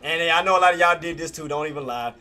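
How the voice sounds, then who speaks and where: A man's voice: a little high, fast, sharp tone, faint music behind. A man who streams about stock trading, talking casually and candidly to viewers, laughing often and using slangy everyday speech.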